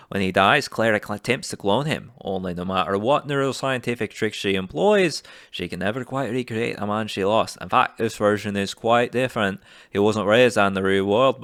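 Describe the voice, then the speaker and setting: A man putting on an Irish accent to play a laid-back, funny Irishman, reading aloud in an animated, loud voice. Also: medium pitch, no room sound, studio quality. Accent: put-on Irish.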